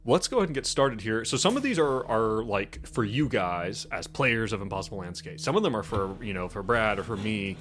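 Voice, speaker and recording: A man's voice: fairly low pitch, expressive, brisk, hardly any pauses, fairly bright tone. A man hosting a casual group chat show, talking loosely and laughing often. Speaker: podcast host.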